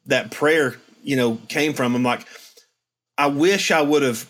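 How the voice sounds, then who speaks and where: A man's voice: medium pitch, a little slow, fairly bright tone. A middle-aged man in casual chat, reflectively telling stories and acting out quotes. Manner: reflective, storytelling with acted-out quotes. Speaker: podcast host.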